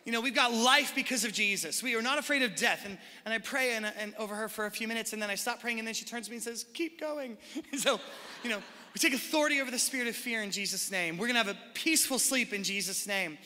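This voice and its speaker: A man preaching a sermon as a pastor, in a conversational, animated style with casual asides to the congregation. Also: high-pitched, fast. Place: large church hall. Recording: live sermon in a reverberant hall.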